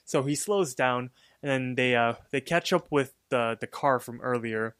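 A man co-hosting a podcast talks through a cartoon episode in a loose, filler-heavy way. His voice sits in a middle pitch and the recording is dry and close. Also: moderate pace, clean tone, no room sound. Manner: relaxed, filler-heavy storytelling. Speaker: podcast co-host. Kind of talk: casual episode recap.

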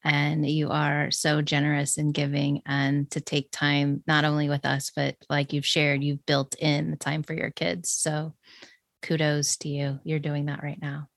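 A woman's voice: low voice, completely flat delivery, a little slow, vocal fry, dry recording, studio quality. A woman hosting a podcast interview, affirming and grateful toward her guest. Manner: warm, affirming. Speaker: podcast host. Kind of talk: interview conversation.

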